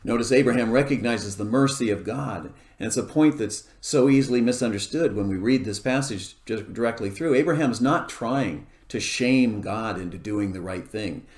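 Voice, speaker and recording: A man preaching an expository sermon, explaining a scripture passage verse by verse in a measured way. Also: medium pitch, a little mellow. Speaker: pastor. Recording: echoey room.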